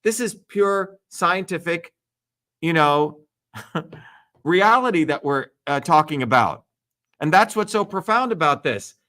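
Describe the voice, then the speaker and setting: A man delivers a heated, profane livestream speech. His voice sits high and cuts with a forceful edge. He hammers his points through repetition. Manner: emphatic, repetitive, crude and profane. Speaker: political candidate speaking on a livestream.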